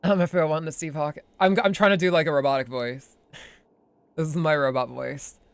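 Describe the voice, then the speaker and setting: A man streaming as a voice actor, making excitable, swearing asides between game lines. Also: on the high side, a little fast, gravelly, clear, resonant tone, dry recording. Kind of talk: casual live-stream commentary.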